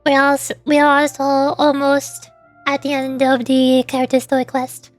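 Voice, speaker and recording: A woman streaming and chatting casually with viewers, talking fast when excited and laughing often. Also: sits high, soft background music. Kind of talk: casual livestream chat.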